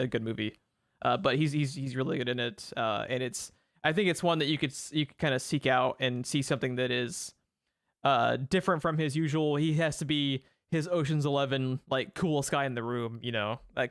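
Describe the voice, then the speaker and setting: A man's voice: medium pitch, a bit bright, no echo, clean studio sound. A man co-hosting a film review podcast, rambling in casual chat, laughing often and swearing freely. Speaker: podcast co-host.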